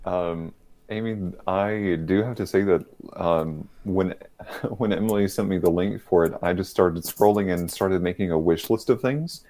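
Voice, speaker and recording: A man hosts a casual podcast from a remote call mic. His voice sits a bit low, and he rambles through fillers, often laughing. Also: a little slow, mellow. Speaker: podcast host. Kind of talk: casual online show chat.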